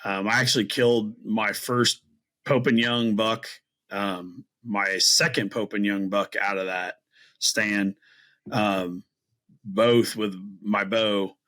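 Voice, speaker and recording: A man's voice: lowish voice, fairly even intonation, slow pace, pushed and bright, rough recording. A middle-aged man, a guest on a podcast, telling a story casually and animatedly, acting out his own reactions between many fillers. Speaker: podcast guest, bowhunter and string maker.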